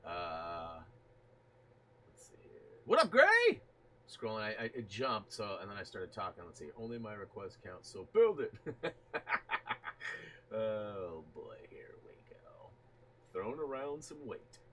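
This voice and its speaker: A man casually chatting while hosting a gaming live stream, greeting viewers from the chat in an animated way. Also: lowish voice, a little slow, slight background noise.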